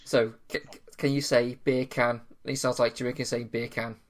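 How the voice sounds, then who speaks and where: A man's voice: mid-range voice, flat delivery, normal speed. A man co-hosting a film podcast, playful, setting up puns and stumbling over his words. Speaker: podcast co-host. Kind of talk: casual banter.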